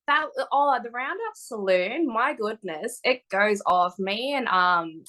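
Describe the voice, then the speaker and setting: A woman's voice: a little high, expressive, slow, pushed and bright. A woman, a wrestler chatting as a podcast guest in a bubbly way and laughing often. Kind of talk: casual interview chat.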